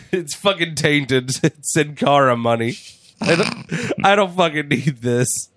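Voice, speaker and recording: A man talking casually on a podcast, joking and swearing as he goes. He slips into quick put-on voices when retelling scenes. The sound is dry and close, with no room around it. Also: fairly high pitch, animated, a bit bright, no room sound. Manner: profane, jokey, acts out voices. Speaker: podcast host. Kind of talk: casual wrestling chat.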